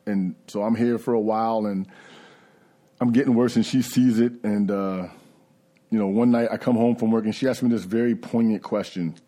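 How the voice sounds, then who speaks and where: A man's voice: on the low side, steady tone, moderate pace, mellow. A man giving a candid, conversational personal recovery testimony. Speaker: recovery speaker.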